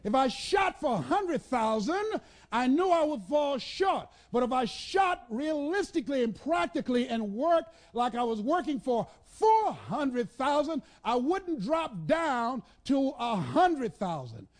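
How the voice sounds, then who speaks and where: A man giving a motivational speech to a live audience, in a preacher-like cadence that builds with repetition and breaks into shouts, telling the crowd to repeat after him. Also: extremely high pitch, very animated, measured pace. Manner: commands the audience to repeat and write things down. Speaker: motivational speaker.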